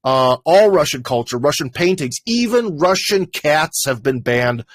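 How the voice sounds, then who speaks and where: A fairly high-voiced American man chats on a livestream in a loose, rambling way, full of "uh"s and half-finished starts. His voice is close and dry, with no room around it. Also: animated, a little slow, dry recording. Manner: rambling, conversational, lots of fillers and restarts. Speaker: livestream host. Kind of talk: casual livestream commentary.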